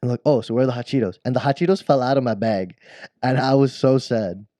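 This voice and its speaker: A man's voice: medium pitch, quick pace, mellow, dry recording, studio quality. A man co-hosting a podcast, telling a childhood story in casual chat, rambling and breaking off to laugh at himself. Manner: rambling, self-interrupting storyteller who laughs at his own story. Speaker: podcast co-host.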